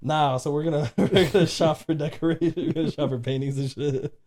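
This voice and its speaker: A man's voice: fairly high pitch, steady tone, a little fast, darkish tone. A young man co-hosting a casual chat, rambling in a laid-back way with slang and swearing. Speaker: podcast co-host.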